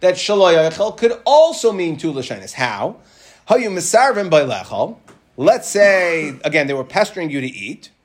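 A man teaching a lively Talmud class, explaining the text and acting out what people say. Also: on the high side, normal speed. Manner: animated, acts out quoted speakers.

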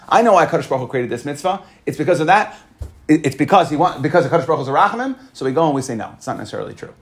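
A man teaching a religious text in casual English, restarting phrases and asking himself rhetorical questions before answering them. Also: fairly high pitch. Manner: mixes Hebrew and Aramaic terms into casual English, repeats words when restarting. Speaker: Talmud teacher. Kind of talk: explaining a text line by line.

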